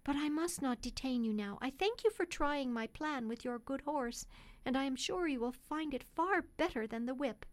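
A woman voicing a kind, refined lady who speaks softly and persuasively. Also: high-pitched, lively intonation, normal speed, pitched above the performer's own voice. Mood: earnest, persuasive. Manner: soft, persuasive, polite. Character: kind gentle English lady, refined and earnest.

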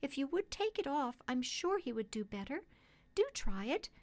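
A woman voicing a kind, refined lady who speaks softly and persuasively. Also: high-pitched, expressive, normal speed, voice pushed up. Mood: earnest, persuasive. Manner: soft, persuasive, polite. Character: kind gentle English lady, refined and earnest.

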